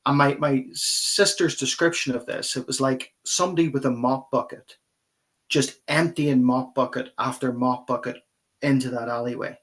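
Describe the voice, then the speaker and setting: A pastor, speaking at a mid-range pitch. He recounts a personal story in earnest, vivid detail as a guest on an interview show. His delivery is that of a middle-aged man talking plainly and sincerely. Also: fairly even intonation, moderate pace, fairly bright tone.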